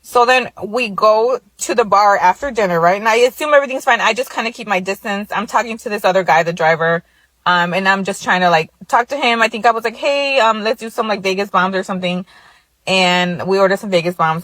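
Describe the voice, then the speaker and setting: A woman's voice: mid-range voice, fast talker, a bit bright, no echo, low-quality recording. Thirty-something woman gossiping through a story, says "like" a lot, dead dry mic. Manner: chatty, lots of filler likes. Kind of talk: casual storytelling.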